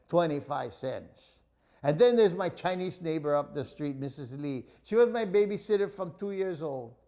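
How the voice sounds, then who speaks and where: A man with a Hawaiian accent telling comic childhood stories, with animated, pidgin-flavored phrasing. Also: on the high side. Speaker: comedian. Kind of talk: comic storytelling.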